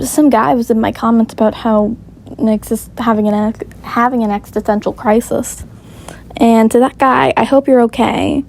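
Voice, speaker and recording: Woman, casual story reading, giggly, offhand asides, fairly high, mellow tone. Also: vocal fry, rough recording. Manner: offhand, giggly, self-commenting.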